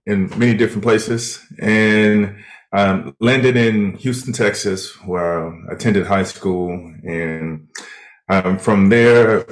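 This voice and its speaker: Guest mentor, male, lowish voice, hesitant delivery full of "um"s and quick laughs. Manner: hesitant, many fillers and restarts, laughs easily. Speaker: podcast guest, high performance mentor. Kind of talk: casual interview chat.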